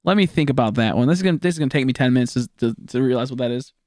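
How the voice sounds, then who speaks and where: A man's voice: mid-range voice, very fast, a little mellow, no room sound, clean studio sound. A young man from Texas with a Texan accent, rambling, joking and swearing as he chats with viewers during a game stream. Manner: rambling, swearing, jokey, chatting with viewers while playing. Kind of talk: casual live-stream gaming chat.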